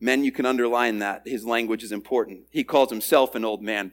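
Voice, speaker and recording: A male pastor preaching a sermon expressively, swinging between loud emphasis and quiet asides. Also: mid-range voice, brisk, hardly any pauses.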